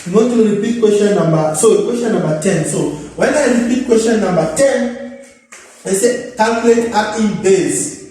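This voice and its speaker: A man's voice: high voice, a little mellow. A man working through an electronics problem in a casual lesson, thinking aloud, repeating himself and calling viewers guys. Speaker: electrical engineering tutor. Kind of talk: informal problem-solving lesson. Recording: echoey room, mic at a distance.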